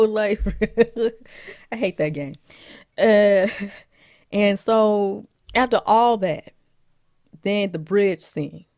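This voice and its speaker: A woman vlogger giving a casual, chatty movie recap, laughing often and filling pauses with "you know". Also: medium pitch, dark tone, no room sound, clean studio sound.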